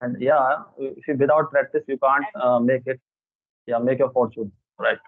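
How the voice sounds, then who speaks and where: A man's voice: medium pitch, steady tone, normal speed, dry recording. A man with an Indian English accent, a guest in a casual chat, speaking hesitantly with frequent fillers. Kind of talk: casual conversation. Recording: dry tinny phone line.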